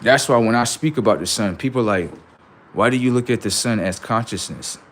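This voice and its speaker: A man's voice: lowish voice, a little fast, fairly bright tone, slight background noise. A man hosting a livestream, talking casually in slangy speech and preaching in rhetorical questions, acting out both sides of imagined exchanges. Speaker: livestream host.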